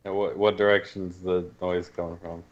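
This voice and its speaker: A man with a very deep voice chats as a player at a tabletop game. He speaks in dry, wry asides. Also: level tone, normal speed, lo-fi sound. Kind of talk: casual chat at a game table.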